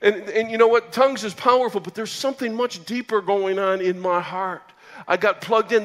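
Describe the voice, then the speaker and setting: High, bright-voiced man preaching in a hall. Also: normal speed. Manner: swings from loud excited outbursts to low quiet storytelling. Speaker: preacher giving his testimony. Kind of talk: sermon testimony. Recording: long hall reverb.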